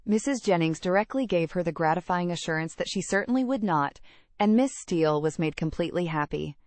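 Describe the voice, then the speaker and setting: A woman narrating a classic novel aloud in a measured, even reading. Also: fairly low pitch, no echo. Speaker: audiobook narrator. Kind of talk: scripted narration.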